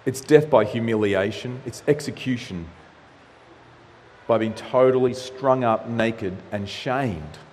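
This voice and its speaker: A man preaching a sermon as pastor, lively and animated, acting out the quotes he reads. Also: mid-range voice, slow pace, long reverb tail, a little hiss or hum.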